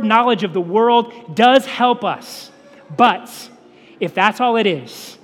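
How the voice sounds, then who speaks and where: A man's voice: high-pitched, slightly rough. A young adult man preaching a sermon as a pastor, earnest and emphatic, repeating phrases for weight. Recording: long hall reverb.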